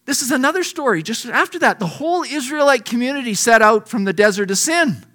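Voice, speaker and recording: A man's voice: very high-pitched, expressive, fairly quick, pushed and bright. A middle-aged man preaching a folksy sermon, reading scripture aloud and acting out the lines. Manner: folksy and conversational. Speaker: pastor.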